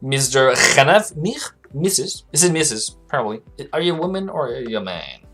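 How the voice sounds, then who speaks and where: A man's voice: medium pitch, sing-song, fairly quick, a bit bright, soft background music. Rambling, chatty male live-stream host. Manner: rambling and chatty, reads viewer chat aloud. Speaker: livestream host, forex trading analyst. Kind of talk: casual live-stream commentary.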